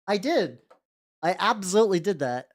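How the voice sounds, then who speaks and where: A VTuber host chats loosely on a livestream while painting miniatures, talking at normal speed in a mid-range pitch. Very animated and rambling, he drifts between topics, greets chat by name one viewer at a time, and swears casually.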